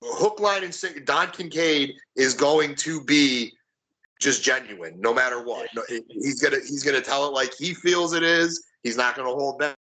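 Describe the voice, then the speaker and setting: A man's voice: medium pitch, moderate pace, pushed and bright, poor audio. A man being interviewed as a guest, talking earnestly and repeating words as he gathers his thoughts. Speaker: interview guest, local wrestler. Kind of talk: casual interview chat.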